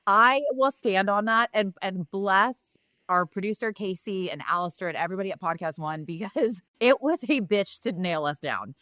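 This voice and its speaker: Frank, animated woman co-host with a mid-range voice, dry close mic. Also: medium pitch, normal speed, no echo. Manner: frank, animated, swears freely. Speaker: podcast co-host. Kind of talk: casual chat. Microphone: remote recording.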